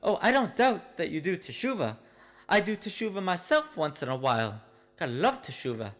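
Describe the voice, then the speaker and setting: A man's voice: sits high, very animated, moderate pace, fairly bright tone. A man voicing his stern, preachy brother who keeps saying bro and yo. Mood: mock-polite. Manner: lectures solemnly, peppered with "bro" and "yo". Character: laid-back slangy male brother, preachy and stern. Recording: long reverb with faint music.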